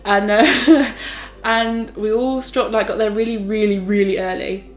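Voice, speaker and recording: A woman's voice: mid-range voice, steady tone, measured pace, reverberant, soft background music. A young woman, telling stories casually as a vlogger, chatty and full of fillers. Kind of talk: casual storytelling.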